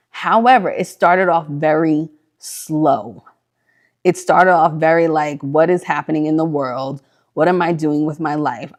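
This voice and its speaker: A woman's voice: low voice, darkish tone. A woman hosting a casual spiritual livestream, answering viewer questions in a bubbly, gushing way with many likes and ums, on a computer mic. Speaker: host of live spiritual Q&A stream.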